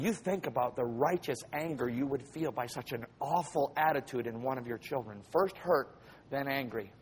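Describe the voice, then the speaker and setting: A man's voice: on the high side, a little hiss or hum. A man preaching a sermon who tells stories vividly, acts out scenes and keeps asking his listeners questions. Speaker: pastor.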